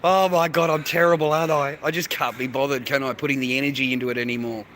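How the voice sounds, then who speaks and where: This casual livestream features a middle-aged Australian man who talks fast into the phone he's holding, speaking directly to viewers. His rambling is loose and profane, his voice medium-pitched, fairly bright and fairly even in intonation, with slight noise behind him.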